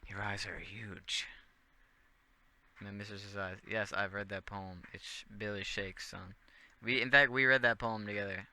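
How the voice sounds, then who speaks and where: A man's voice: fairly low pitch, steady tone, normal speed, pushed and bright, clean tone. A young man rambling and joking as a radio DJ in casual chat, often trailing off into mumbled asides.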